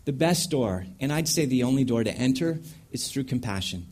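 Male Bible teacher, animated, acts out scenes, mid-pitched voice. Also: a little fast, breathy edge. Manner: lively, acts out scenes with sound effects. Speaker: Bible teacher leading a panel. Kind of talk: teaching talk on counseling.

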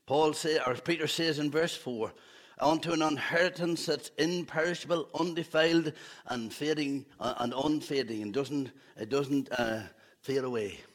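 A man's voice: fairly high pitch, normal speed. A man preaching a fervent evening sermon in church, with humorous asides.

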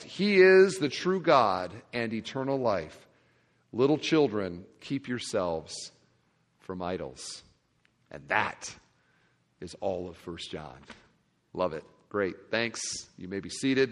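A male pastor preaching a sermon to a congregation, expressive, dropping to quiet asides and rising to loud emphasis. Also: fairly high pitch. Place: large church sanctuary. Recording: long reverb of a large hall.

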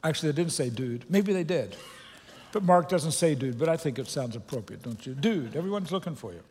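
A man's voice: a little high, lively intonation, brisk, a little mellow, husky, long reverb tail. A man giving a casual, joking sermon as a pastor, speaking to a congregation in a church. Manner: conversational and joking, with loose restarts. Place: church sanctuary.

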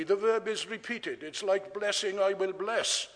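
A man with a high voice preaches slowly and deliberately, stressing and repeating his key words. His sermon rings out with a long reverb, as in a church hall. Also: a bit bright.

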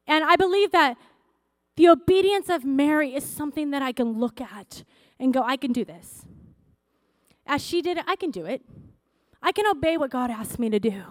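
A woman pastor preaching a sermon in a conversational, excitable way that rises to shouting. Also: high voice, normal speed, dry recording, studio quality.

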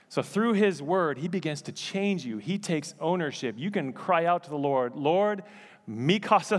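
Man preaching in a reverberant hall. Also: mid-range voice. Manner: conversational, with joking asides. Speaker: pastor. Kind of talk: sermon. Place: church sanctuary.

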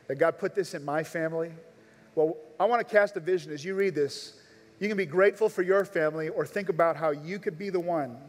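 A man preaching a sermon at a live church service, making earnest, urgent appeals straight to his listeners. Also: a little high. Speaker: pastor. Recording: long reverb of a large church hall.

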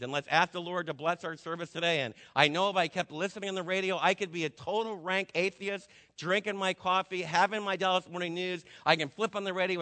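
Male pastor from New Jersey, chatty sermon delivery, bright voice, echoing hall. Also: sits high. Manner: conversational preaching with asides and rhetorical questions. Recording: long hall reverb.

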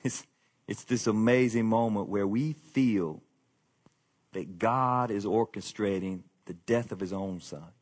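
A man's voice: on the low side, a little slow, slightly rough. Folksy preaching man, rising emphasis. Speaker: pastor. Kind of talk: sermon.

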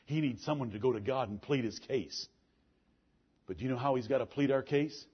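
Husky preacher man going hard, loud then low and intense, muffled old recording. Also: brisk. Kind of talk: fiery sermon.

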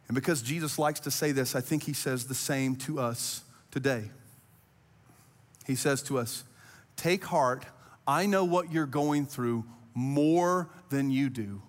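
A man's voice: a little high, in a large hall. A man preaching a sermon as pastor, earnest and conversational, building to impassioned rising appeals. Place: church auditorium.

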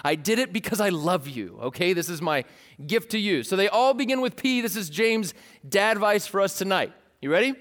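A pastor giving a casual, joking sermon in a conversational way. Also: male voice, high-pitched, animated, moderate pace, a bit bright.

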